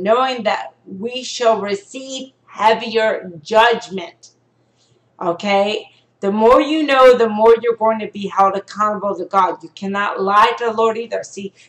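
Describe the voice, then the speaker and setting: A woman's voice: on the high side, fairly bright tone, roomy sound, poor audio. A woman giving a live-streamed prophetic message, earnest and direct, often checking in with "okay?" and "you know".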